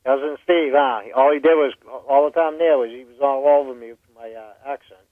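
A man's voice: mid-range voice, fairly even intonation, fairly quick, no echo, narrow, tinny audio. Chatty man with a Maine accent. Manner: folksy, chatty storyteller. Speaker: guest. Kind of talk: casual storytelling chat.

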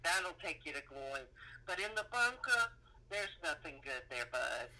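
Folksy guy on a crackly phone line, bright lively voice, jokey. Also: a little high, moderate pace. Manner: folksy, jokey, calls people buddy and honey. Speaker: call recipient. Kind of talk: phone argument.

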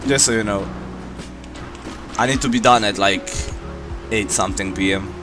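Music plays in the background as a young man from Romania, a streamer, chats with his viewers in a lowish voice at a moderate pace. His talk is rambling and full of fillers.

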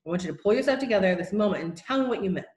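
A man's voice: sits high, lively intonation, rapid-fire, roomy sound. A woman voicing a stern, sarcastic male headmaster who scolds sharply, in a storybook reading.

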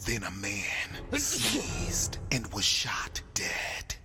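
A woman giving whispered narration of an animated story in a hushed, breathy way, over background music. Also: a bass voice, very slow. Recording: music playing behind.

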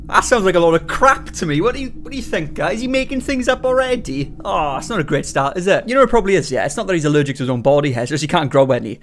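A man's voice: on the high side, lively intonation, very fast, few pauses, fairly bright tone. A man hosting a reaction commentary, sarcastic and ranting, breaking into laughter often. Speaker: commentary host.

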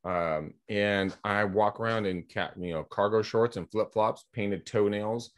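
A middle-aged man from California with a lowish voice, chatting over a video call. He tells rambling, energetic anecdotes and acts out the other people's lines. He speaks as a guest in a relaxed podcast interview. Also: a little slow, slight background noise. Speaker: guest, real estate agent and coach. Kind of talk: casual storytelling in a podcast interview.

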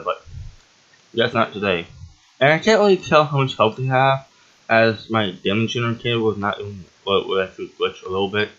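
A man giving casual, excitable let's-play commentary as the host of a gaming channel, rambling and often yelping or laughing. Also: mid-range voice, lo-fi sound.

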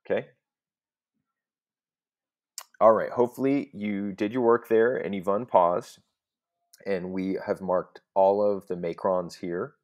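A man's voice: lowish voice, fairly even intonation, unhurried, highs cut off. A man teaching a recorded Latin lesson, explaining step by step in a patient voice and often checking in with "okay?".

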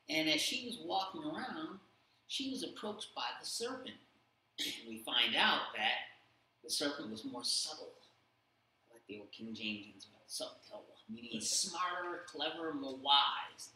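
Bright-voiced man teaching in an echoey room. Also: on the high side. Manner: animated storytelling with many fillers. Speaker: Bible study teacher. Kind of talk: casual Bible study discussion. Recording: very echoey room, faint background hum.

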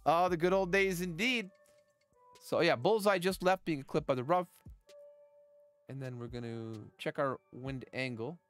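A middle-aged man, chatting with his live chat while giving game commentary, swinging from calm tips to loud outbursts. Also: a little high, measured pace, faint music behind. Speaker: gaming livestreamer.

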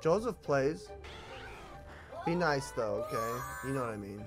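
A man commentating on his gameplay at home, with his children beside him, often bursting into joyful shouts. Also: mid-range voice, expressive, measured pace, loud music behind the voice. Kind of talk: casual let's-play commentary.

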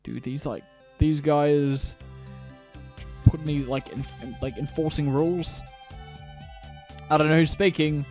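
A man's voice: a little high, steady tone, takes it slowly, pauses often, darkish tone, faint music behind. Rambling, swearing let's play guy. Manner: rambling and swearing, heavy use of "like". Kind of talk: casual gameplay commentary.

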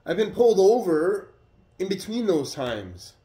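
A man's voice: high-pitched, a little slow. Profane man in a roomy echo. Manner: profane, animated retelling with acted quotes. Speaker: vlogger. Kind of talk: casual storytelling monologue.

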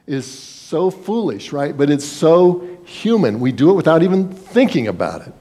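A man's voice: on the high side, very animated, moderate pace, few pauses, mellow. A man preaching a sermon as pastor, in a conversational style, acting out quoted voices and sometimes repeating words.

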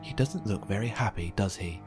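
A man voicing a wise little woman in a storybook, making calm, wry remarks. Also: on the low side, brisk, over music, lightly acted.

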